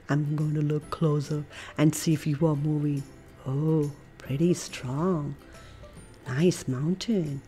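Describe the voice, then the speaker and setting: A woman with an American accent, a preschool teacher reading a picture book and leading children through playful yoga poses, coaxing and animated with soft breathy asides. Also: low voice, slow, faint music behind.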